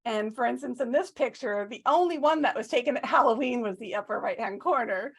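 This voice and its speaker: A woman giving a humorous storytelling speech at a club, animated and self-mocking, often asking the audience questions. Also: on the high side, a little fast, husky. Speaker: club speaker.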